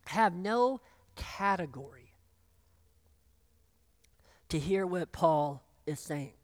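A pastor preaching a sermon, acting out the voices of the people in the story, choked up and clearing their throat. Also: mid-range voice, drawn-out words, no room sound. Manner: animated, acts out voices of biblical figures.

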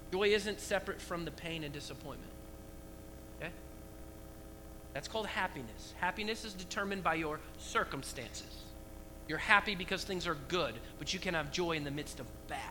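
Man, pastor, animated sermon, rhetorical questions, high pitch. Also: background noise.

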